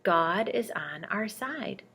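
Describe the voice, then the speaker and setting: A woman's voice: medium pitch, expressive, takes it slowly, sharp tone, slightly rough, exaggerated voice. A woman voicing a brave young shepherd boy in a spoken bible storybook, earnest and eager. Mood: confident.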